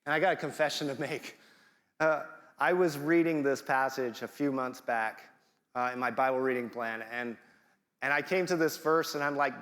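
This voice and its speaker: A man's voice: medium pitch, normal speed, fairly bright tone. Playful man preaching in a reverberant hall. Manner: conversational, playful, acts out quoted voices. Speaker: guest preacher. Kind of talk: sermon. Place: church sanctuary.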